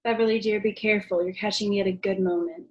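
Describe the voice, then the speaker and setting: A woman's voice: mid-range voice, steady tone, quick pace, darkish tone, highs cut off, natural voice. A young woman playing a wry, patient secretary in a school play over a video call, with dry delivery. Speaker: student actor.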